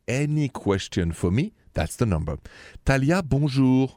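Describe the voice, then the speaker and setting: A man's voice: medium pitch, very animated, no room sound, clean studio sound. A man with a French accent hosting a late-night radio call-in show, chatty and openhearted. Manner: warm-hearted, chatty, repeats the phone number slowly. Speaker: radio host.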